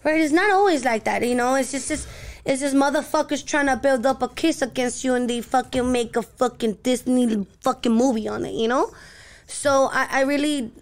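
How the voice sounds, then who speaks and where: A woman's voice: sits high, moderate pace. A young woman from Los Angeles, a podcast guest telling stories in a laid-back, profane, slangy way. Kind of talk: casual chat.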